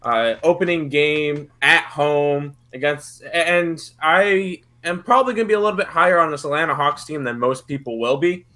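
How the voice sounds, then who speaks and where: Speaking at a moderate pace with few pauses, this man has a fairly high, sharp-toned voice. He's a betting analyst offering laid-back basketball picks on a livestream, confident yet meandering, often saying words twice while he works things out.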